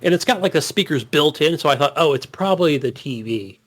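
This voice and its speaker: A man's voice: on the high side, expressive, a little fast, a bit bright. A man co-hosting a gaming podcast, chatting casually in a rambling, profane way. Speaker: podcast co-host.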